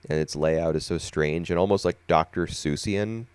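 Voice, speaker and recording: A sleepy man co-hosting a casual podcast chat, talking things through in an unhurried, thoughtful way with plenty of fillers. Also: low-pitched, darkish tone, smooth, no echo. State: sleepy, yawning. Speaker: podcast co-host.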